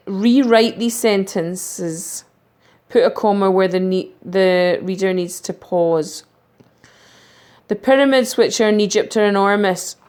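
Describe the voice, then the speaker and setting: A woman teacher giving a recorded lesson, talking through punctuation slowly and reading example sentences aloud. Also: mid-range voice.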